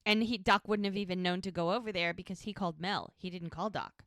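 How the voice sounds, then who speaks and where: Woman recapping a show, lowish voice. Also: fast talker, no room sound, clean studio sound. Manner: animated retelling of scenes. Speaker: podcast co-host. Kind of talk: casual episode recap chat.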